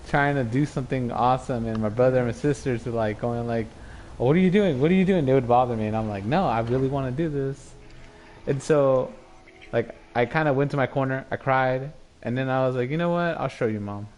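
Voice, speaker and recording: A man's voice: medium pitch, steady tone, a little fast, a little mellow, slight background noise. A man casually telling a long personal story, rambling with many fillers and often voicing the people he quotes. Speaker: storyteller recalling his start in art.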